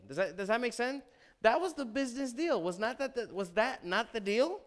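A male pastor preaching a sermon, animated, asking the congregation questions and acting out the scripture. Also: extremely high pitch, moderate pace. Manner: animated, asks the congregation questions, dramatizes quotes.

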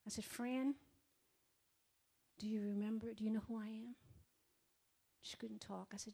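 A middle-aged woman giving an emotional testimony in a sermon, swinging from loud outbursts to hushed whispers and speaking directly to her listeners. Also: mid-range voice, fairly even intonation, unhurried, pauses often. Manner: repeats herself, addresses the audience directly.

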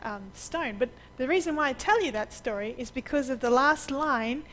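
A woman preaching a sermon, telling lively stories over slides and laughing often. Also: sits high, normal speed, slight background noise, rough recording. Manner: lively anecdotal storyteller who laughs often.

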